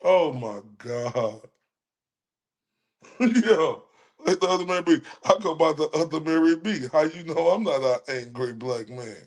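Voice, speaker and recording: A man's voice: on the high side, lively intonation, a little slow. A man with a Texan accent ranting on a livestream, profane and heated, with laughing asides. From Dallas, Texas. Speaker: livestream host.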